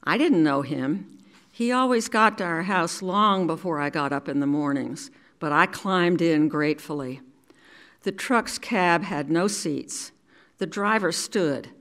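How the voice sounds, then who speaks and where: An older woman from New York City reading her own memoir aloud in a measured, deliberate storytelling manner. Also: sits low. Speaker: resident reader.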